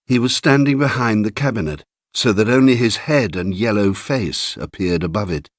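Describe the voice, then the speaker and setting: A man narrating a literary short story in a measured, unhurried way. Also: on the low side, expressive, no room sound, studio quality. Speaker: audiobook narrator.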